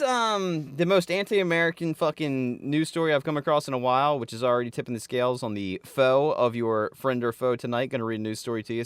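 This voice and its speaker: A man's voice: mid-range voice, clear, resonant tone, no echo. A man co-hosting a comedy podcast, riffing crudely and reading a news story aloud. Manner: crude, riffing, breaks into loud put-on phone voices. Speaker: podcast co-host.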